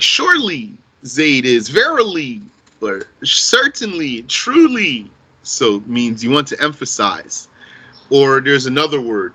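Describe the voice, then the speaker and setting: Male grammar teacher, slightly high, bright voice, unhurried and repetitive delivery for students. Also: low-quality recording. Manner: explains slowly, repeats key phrases, quizzes the class with a countdown. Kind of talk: classroom grammar lesson.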